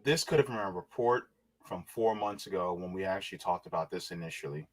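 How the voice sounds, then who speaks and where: A man's voice: sits low, a little fast. A man hosting a casual political livestream, exasperated and sarcastic, reading out viewer comments and reacting. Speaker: host of a political stream.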